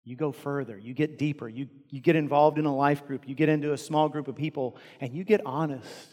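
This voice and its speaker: A man preaching a sermon as a pastor, impassioned, swinging from loud to hushed. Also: a little high, steady tone, fairly quick. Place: church auditorium. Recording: long reverb of a large hall.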